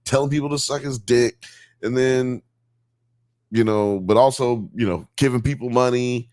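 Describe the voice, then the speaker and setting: A man's voice: mid-range voice, normal speed, a little mellow, no echo, clean studio sound. A man co-hosting a casual podcast, talking loosely and with lots of profanity, often acting out characters in a mock New York accent. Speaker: podcast co-host.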